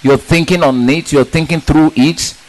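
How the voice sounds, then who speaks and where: Animated male preacher, fairly high voice. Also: moderate pace, rough recording. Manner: emphatic, animated, with rhetorical questions and repeated words. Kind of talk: sermon.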